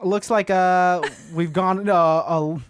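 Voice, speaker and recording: A man's voice: high-pitched, fairly even intonation, slow pace, smooth. A man hosting a podcast, bantering casually and laughing often. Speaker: podcast host.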